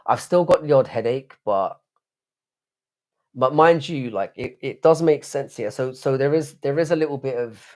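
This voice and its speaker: This British live-stream host has a mid-range voice and speaks at normal speed. In his casual late-night chat he rambles, swears frequently, and replies to chat messages out loud.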